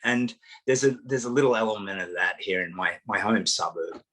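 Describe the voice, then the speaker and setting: A low, husky-voiced Australian man tells stories in a relaxed interview. He is animated and pokes fun at himself as he talks. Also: a little fast, rough recording. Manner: animated storyteller, self-mocking humour, acts out voices. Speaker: guest. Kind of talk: casual conversation.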